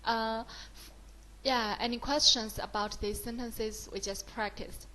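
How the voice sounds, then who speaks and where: Female Mandarin tutor, Chinese accent, higher voice, patient and encouraging, switches between English and Mandarin. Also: steady tone, unhurried, bright, forceful tone, poor audio. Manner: mixes English with Mandarin, praises often. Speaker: Mandarin teacher. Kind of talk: slow, encouraging beginner lesson.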